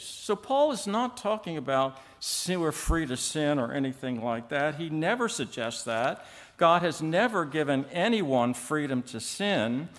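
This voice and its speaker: A man delivers an evening Bible teaching, measured and explanatory, pausing to quote and unpack scripture. His voice sits a little high and he speaks slowly. The sound carries a long reverb from a church hall. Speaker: pastor.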